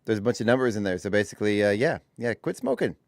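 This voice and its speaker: A man's voice: on the low side, expressive, fast talker, dry recording. Chatty male radio co-host, dry studio sound. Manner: chatty, laughs easily, reads items aloud with restarts. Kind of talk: casual morning radio banter.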